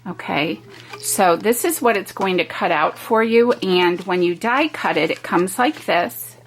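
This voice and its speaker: A woman's voice: medium pitch, unhurried, poor audio. A woman hosting a home craft video, talking through a stamping project step by step with chatty, homey asides. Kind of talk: casual step-by-step craft demo.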